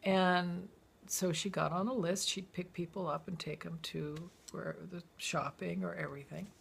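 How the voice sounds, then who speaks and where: A woman's voice: on the low side, normal speed, creaky, slightly rough. A woman telling a story from her own memoir, acting out the people in it and breaking into song now and then. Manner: lively storytelling, acts out quoted voices and breaks into song. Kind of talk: reading a personal memoir aloud.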